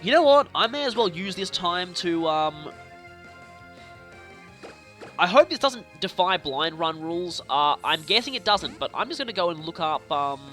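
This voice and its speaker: A young man casually commenting on his video game play, chatty and playful with animated reactions. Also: high-pitched, normal speed. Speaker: let's play host. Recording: faint game music behind.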